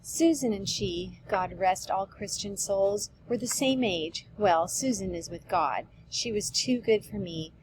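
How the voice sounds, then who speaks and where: A woman's voice: mid-range voice, measured pace, few pauses, a little mellow, slight background noise, lightly acted, low-quality recording. A woman voicing a talkative, fond old nurse who rambles and repeats herself, reading a play aloud. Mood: rambling.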